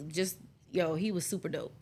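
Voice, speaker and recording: A middle-aged woman from South Carolina with a Southern accent, a guest telling lively stories in a casual interview. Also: on the low side, normal speed, slightly rough. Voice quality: lively storyteller, acts out quoted voices.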